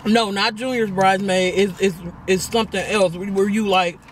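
A woman's voice: medium pitch, steady tone, moderate pace, a little hiss or hum. A young woman vlogger chatting casually and laughing as she tells a personal story to her viewers while eating. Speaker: vlogger host.

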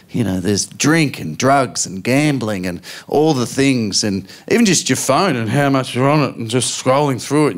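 An Australian man in his forties telling stand-up stories into a stage mic, his voice sitting at an ordinary middle pitch. He moves from calm narration to bursts of acted-out yelling and quoted characters, building each story toward the punchline. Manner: animated storytelling, acting out voices and shouts. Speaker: stand-up comedian. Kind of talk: stand-up comedy routine. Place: comedy venue stage with a live audience.

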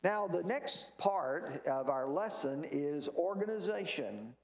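Guy teaching bible class at church, high lively voice, echoey room, keeps asking and answering his own questions. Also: slow pace.

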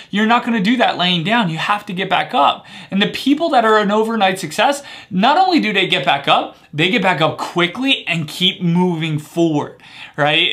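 Energetic male coach in his thirties, high and bright voice, keeps asking "right?". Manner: energetic, punctuates points with "right?". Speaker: life coach. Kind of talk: motivational talk to camera.

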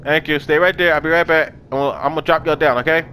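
A young man hosting a let's play, chatting casually and yelling and swearing when startled. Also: a little high, quick pace, slight background noise. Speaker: gaming channel host.

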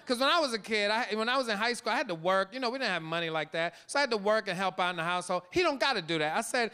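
A man doing a stand-up routine on a comedy club stage, telling a story with lively acted quotes. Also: sits high, racing, hardly any pauses, slight background noise.

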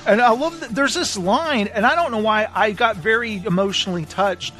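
A man co-hosting a podcast, casually recapping a book and acting out the lines in quick voices. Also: high voice, soft background music. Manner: animated retelling with quoted voices. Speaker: podcast co-host.

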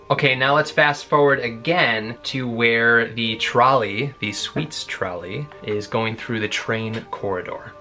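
Man, chatty vlog host reading aloud, bright voice, soft music under. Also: mid-range voice. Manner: enthusiastic, chatty. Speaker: book collector host. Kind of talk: read-along and unboxing vlog.

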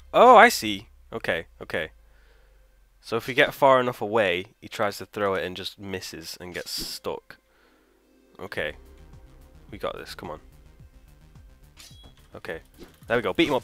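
A man commenting live on his gameplay in a lowish voice that swings wildly between muttered asides and sudden frustrated shouts. He swears often, thinks aloud and trails off mid-sentence. Faint game music plays behind him. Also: animated, normal speed, pauses often. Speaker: let's play host.

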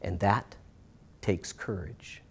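A middle-aged man giving a live storytelling performance, swinging between bright lifts and hushed, slowed moments, with dramatic pauses. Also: low-pitched, fairly even intonation, breathy edge. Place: stage in a small performance space.

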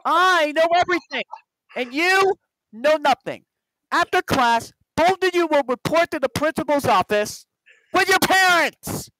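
A man doing an impression of a pompous, shouting villain teacher who lectures in a bossy, superior way. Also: high voice, animated, measured pace, no room sound, pitched above the performer's own voice, exaggerated voice, low-quality recording. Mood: superior scolding. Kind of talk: movie quote impression.

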